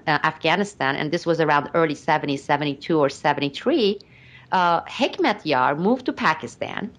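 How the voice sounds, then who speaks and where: A middle-aged woman giving commentary as a podcast guest, speaking deliberately and emphatically with frequent pauses. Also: deep voice. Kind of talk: casual podcast discussion.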